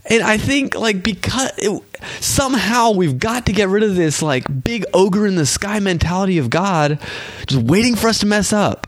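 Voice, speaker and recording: Animated man with a lively voice. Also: high-pitched, moderate pace, dry recording. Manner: animated, acts out quoted voices. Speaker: podcast host and minister. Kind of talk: casual faith talk.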